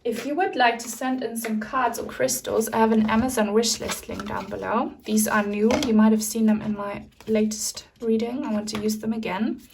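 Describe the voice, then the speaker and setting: A woman's voice: a little high, fairly even intonation, moderate pace, creaky, a little hiss or hum. Chatty, enthusiastic young woman tarot reader. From Germany. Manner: enthusiastic, chatty, addresses viewers as guys. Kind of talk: casual pick-a-card tarot reading.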